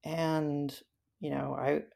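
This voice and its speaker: A woman as an interview guest, telling her story in a halting way with frequent fillers. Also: sits low, little pitch movement, gravelly, mellow. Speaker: interview guest recounting a hike.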